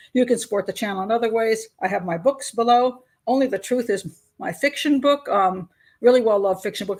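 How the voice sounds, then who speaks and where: Chatty older woman hosting a live stream. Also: mid-range voice. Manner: chatty, rambling, laughs often. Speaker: host. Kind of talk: casual live-stream chat.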